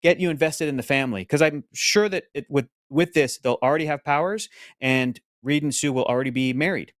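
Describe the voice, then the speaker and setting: A man's voice: a little high, fairly quick, no room sound, studio quality. A man co-hosting a podcast, rambling in casual chat and reading out viewer comments in a jokey way. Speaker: podcast co-host reading super chats.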